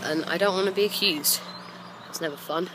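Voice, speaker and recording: A woman's voice: fairly low pitch, fairly quick. A tipsy young woman, vlogging as she rambles and drops into whispers. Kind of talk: casual drunk vlog chat. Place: walking outdoors at night. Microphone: phone held at arm's length. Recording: noisy outdoor phone recording.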